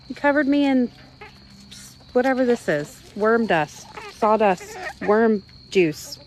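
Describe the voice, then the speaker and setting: A woman's voice: a little high, expressive, slow pace. A woman who runs an animal rescue, talking to her pet rooster in cooing, affectionate baby talk. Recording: noisy background with chickens. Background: chickens clucking.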